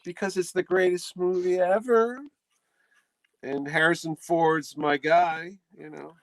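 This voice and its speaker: A middle-aged man with a high-pitched voice hosts a podcast at a measured pace, in a low-quality recording with no room sound. In casual chat he tells a comic story animatedly, acting out the quotes.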